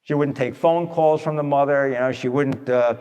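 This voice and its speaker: His mid-range voice is smooth and a little mellow, at normal speed, heard in a large hall. He's a radio speaker giving an advice talk, telling folksy stories in a conversational way, speaking straight to listeners and acting out quotes.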